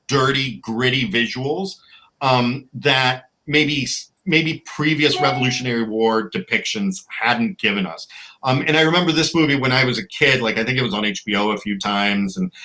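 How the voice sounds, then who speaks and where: A man's voice: medium pitch, bright, forceful tone, poor audio. A man co-hosting a podcast, chatting casually and wryly, with many restarts and fillers. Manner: wry, offhand humor. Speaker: podcast co-host. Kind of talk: casual chat.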